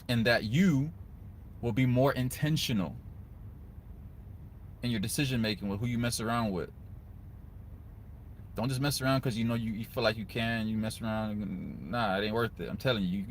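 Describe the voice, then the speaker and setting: A young man, giving casual, earnest advice to other men, often turning to the listener with a quick "right?". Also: mid-range voice, slight background noise. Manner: earnest, conversational, repeats "guys" and "right?". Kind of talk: casual motivational talk to camera.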